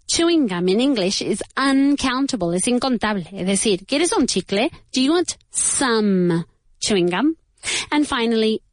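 Female English teacher for Spanish-speaking beginners, mid pitch, dry close mic, slow drilled repetition, mixes in Spanish. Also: no room sound. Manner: slow, exaggerated repetition of model phrases; switches between English and Spanish.

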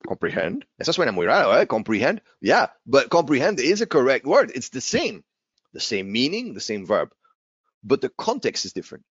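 Animated guy teaching english, repeats stuff a lot, tosses in spanish bits, kinda lo-fi dry audio. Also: medium pitch, fairly quick, slightly rough, dry recording. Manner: animated, repeats key words, slips in Spanish asides. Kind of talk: informal language lesson.

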